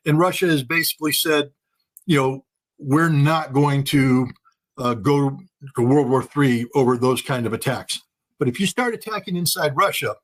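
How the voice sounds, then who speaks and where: An older man holds forth in fast political commentary, pressing each point hard. His voice sits a little high, and he repeats phrases for emphasis. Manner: emphatic, rapid, repetitive phrasing. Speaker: guest commentator.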